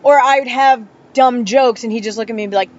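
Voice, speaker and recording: Woman guest, a little high-pitched, wry and sarcastic, casual swearing, lo-fi audio. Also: fast. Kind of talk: casual chat. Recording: dull lo-fi podcast audio.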